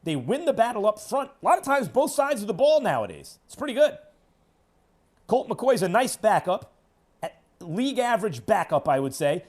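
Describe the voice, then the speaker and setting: Emphatic sports radio host, lively swings. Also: male voice, moderate pace. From New York. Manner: emphatic, hectoring, swings between loud and low. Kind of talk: opinionated sports talk monologue.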